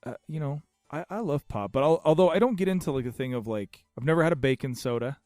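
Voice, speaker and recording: A man's voice: fairly high pitch, quick pace, darkish tone, dry recording, studio quality, faint music behind. A man co-hosting a casual podcast, rambling and restarting with enthusiasm. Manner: rambling, self-interrupting, enthusiastic. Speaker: podcast co-host. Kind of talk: casual chat.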